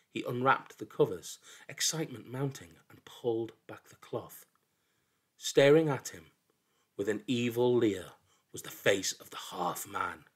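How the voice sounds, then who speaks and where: A man narrating a folk tale in an expressive, dramatic storybook reading that drops into hushed lows. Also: breathy edge.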